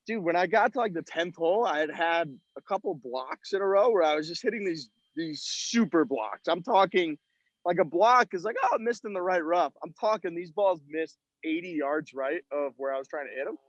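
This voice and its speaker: Man, slightly high voice, profane self-mocking golf stories, dry muffled lo-fi sound, calling in from outside. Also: normal speed, no echo. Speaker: podcast co-host. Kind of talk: casual chat. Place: outdoors at a golf tournament.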